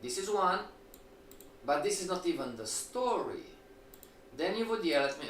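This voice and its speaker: A fairly high-voiced man teaches a trading class with lively rhetorical questions. He sounds set back from the mic in an echoey room. A faint hiss runs under his voice. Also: moderate pace, long pauses, far from the mic. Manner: animated, rhetorical questions, acts out students' replies. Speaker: trading instructor. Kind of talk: live-streamed lecture.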